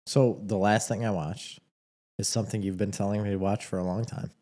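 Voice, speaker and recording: Easygoing man with a mellow, low voice. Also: steady tone, a little fast. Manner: easygoing, rambling with fillers. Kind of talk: casual chat.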